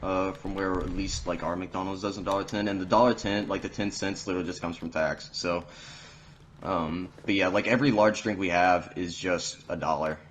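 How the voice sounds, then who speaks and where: A teenage man with a fairly low voice tells a story in loose, rambling podcast chat. He swears freely and fills his sentences with uhs and likes. A faint hiss sits under the recording. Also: steady tone, moderate pace. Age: teens. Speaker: podcast host.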